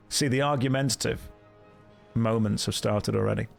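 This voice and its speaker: A man's voice: medium pitch, fairly even intonation, measured pace, vocal fry, faint music behind. Playful man streaming a game. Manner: playful, jokey, chats with viewers. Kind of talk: casual live game stream commentary. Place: home. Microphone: desk microphone.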